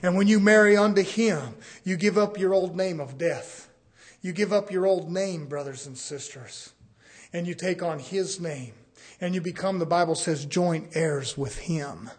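A man preaching a sermon in a folksy way, swinging from hushed asides to loud, fervent surges. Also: high voice, unhurried. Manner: folksy, uses "ain't".

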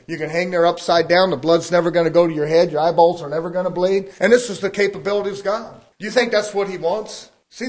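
A man preaching a sermon, folksy and emphatic, acting out quotes along the way. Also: high-pitched.

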